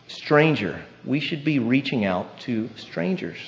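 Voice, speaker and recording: Male preacher, casual storytelling sermon, mid-pitched voice, dull lo-fi sound. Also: expressive, measured pace, gravelly. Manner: conversational, storytelling with tag questions. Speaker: pastor. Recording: muffled lo-fi sermon recording.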